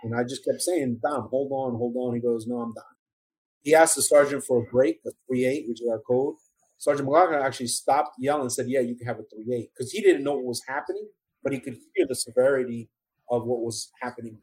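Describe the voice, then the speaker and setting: Brisk and breathy-edged, a mid-range darkish voice belongs to a middle-aged man with a New York accent. He gives earnest first-person testimony of surviving, with emotional restarts, in an interview captured at low quality.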